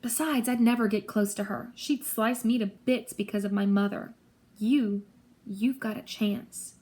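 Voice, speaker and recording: A woman voicing a clever, bossy teenage girl who gives brisk, precise orders. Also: mid-range voice, a little mellow, close to an everyday voice. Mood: urgent.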